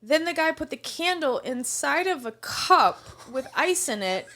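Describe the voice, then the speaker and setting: Lively woman podcast co-host telling stories. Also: high-pitched, measured pace. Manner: animated storyteller, stumbles over words. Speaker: restaurant server. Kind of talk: casual chat, storytelling.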